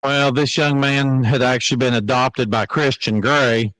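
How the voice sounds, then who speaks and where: A man's voice: medium pitch, fairly even intonation, measured pace, fairly bright tone, poor audio. A man on a game show panel, giving his answers with dry jokes. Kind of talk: casual banter on a game show.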